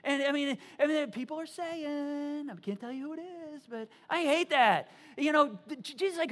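A woman preacher with a fairly high voice, talking through a sermon in an animated, conversational style. She tells stories casually and loosely, stopping and restarting as she goes. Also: normal speed, hardly any pauses.

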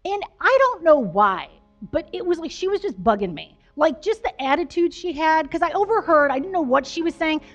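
A woman's voice: sits high, sing-song, normal speed, muffled recording. A woman pastor giving a conversational storytelling sermon, chatty and self-deprecating, with lots of fillers.

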